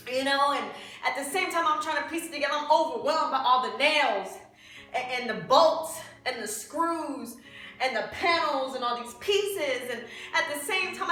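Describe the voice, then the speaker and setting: A young woman with a high, bright voice tells a personal story with raw feeling, close to tears. She goes from hushed to loud and pleading. She sits away from the mic in a very echoey room, with faint music behind her. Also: recorded from a distance. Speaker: vlogger.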